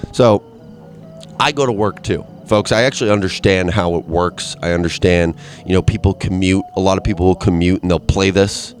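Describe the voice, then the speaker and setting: A man's voice: low-pitched, moderate pace, soft background music. A man hosting a solo comedy podcast from his basement, rambling and self-mocking, and working himself up into exasperated rants. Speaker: podcast host. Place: home basement.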